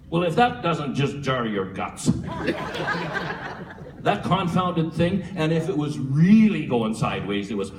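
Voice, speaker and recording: A man giving a humorous eulogy for his father at a church memorial, a lively storyteller who chuckles often. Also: mid-range voice, unhurried. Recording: echoey hall from far off with faint room noise.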